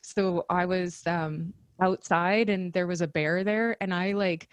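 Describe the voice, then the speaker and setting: Low-voiced woman telling a story. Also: measured pace, no echo. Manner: animated storyteller, laughs often. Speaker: podcast co-host. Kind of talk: casual chat.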